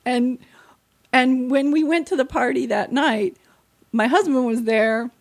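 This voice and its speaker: A middle-aged woman chatting casually on a podcast, telling stories in an animated way and swearing freely. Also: sits high, a little slow. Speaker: podcast guest. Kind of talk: casual chat.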